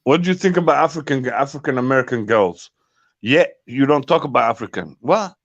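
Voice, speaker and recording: A man's voice: medium pitch, lively intonation, fairly quick, dry recording. A man, a guest in a casual chat, indignant and repetitive, switching into Somali now and then. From Somali heritage, UK. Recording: dry, dull lo-fi mic.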